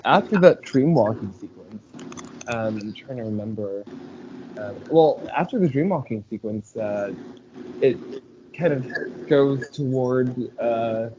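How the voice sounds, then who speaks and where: A man's voice: mid-range voice, animated, a little slow. A man co-hosting a podcast in casual chat, talking animatedly, swearing often and acting out movie scenes with laughter. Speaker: podcast co-host. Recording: slightly dull audio with faint noise.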